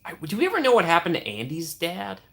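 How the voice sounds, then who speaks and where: Bright-voiced man chatting on a stream. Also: high voice, wildly swooping pitch, fast, creaky. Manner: chatty, reacting to viewer comments with playful teasing. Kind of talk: casual live-stream chat.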